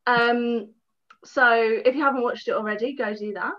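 A woman's voice: a little high, steady tone, normal speed. A woman, an actress, chatting as a guest over a video call, giggly and self-mocking. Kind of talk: casual interview chat. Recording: dull lo-fi video call audio.

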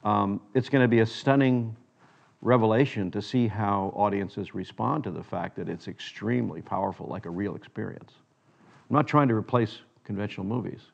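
Gravelly low-voiced older man recalling. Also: moderate pace, muffled recording. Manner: storytelling, quotes others in his anecdotes. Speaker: filmmaker interviewee. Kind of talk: reflective interview answers.

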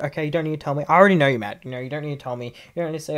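This Australian-accented gaming YouTuber talks in a rapid-fire stream with hardly any pauses, his slightly high voice holding a steady tone. His casual commentary becomes an exasperated rant full of repetition and stumbles.

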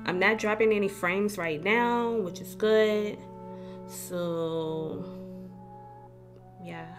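A woman's voice: medium pitch, very slow, music in the background. Woman streaming a game on a desk mic, chatty and cussing, laughs a lot. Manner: chatty, swears freely, laughs often. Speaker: gaming streamer. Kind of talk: casual live-stream chat. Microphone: desk mic with facecam.

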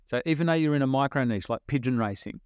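A middle-aged Australian man, a podcast guest, telling business stories in an animated, storytelling way with quick bursts and laughs. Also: mid-range voice, clean tone, dry recording. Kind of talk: storytelling interview talk.

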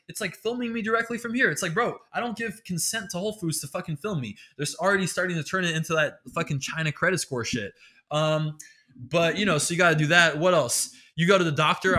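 A man with a fairly high, bright, forceful voice rants about everyday annoyances. He swears freely and rambles in an exasperated, comic way as the host of his own show. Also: quick pace. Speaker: podcast host. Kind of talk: comedic solo rant.

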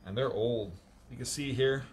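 A man works as an auctioneer and talks his way through boxes in a casual, joking manner, breaking into excited exclamations. His voice sits at an ordinary mid pitch. Crinkling paper and clicks sound clearly behind him. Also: normal speed. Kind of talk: casual unboxing commentary. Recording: noisy background with crinkling.

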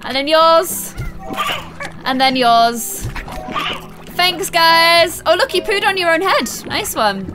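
A woman hosting a let's play video, chatting excitedly to viewers and gasping and squealing at the game. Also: extremely high pitch, slow pace, long pauses, over music. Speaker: gaming video host.

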